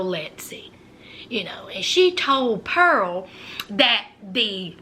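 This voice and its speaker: A woman casually recapping a TV episode, chatty and animated, peppering her talk with asides like "you know" and "honey.". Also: fairly high pitch. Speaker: TV show reviewer.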